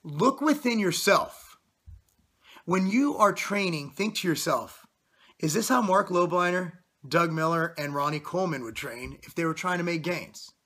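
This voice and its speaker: Man in his thirties, fitness vlogger, blunt profane motivational rant; bright, husky tone. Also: fairly high pitch, animated, a little slow. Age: 30s. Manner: blunt, profane, intense pep talk.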